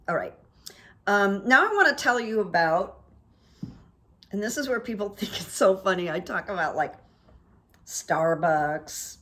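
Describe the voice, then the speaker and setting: A woman hosting her own vlog, telling everyday anecdotes in a chatty, casual way and acting out what people said. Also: mid-range voice. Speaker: vlog host. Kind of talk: casual storytelling monologue.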